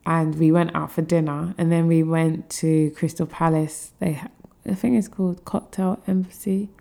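Gravelly young woman telling a story. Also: low-pitched, little pitch movement, normal speed, mellow. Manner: rambling anecdotes, teasing. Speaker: podcast co-host. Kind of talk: casual chat.

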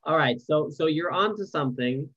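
Reading verses aloud and then asking questions casually, a man teaches a Torah class over a video call, an online Bible class with informal commentary. He speaks at normal speed in an expressive, higher, slightly bright voice. The sound is lo-fi.

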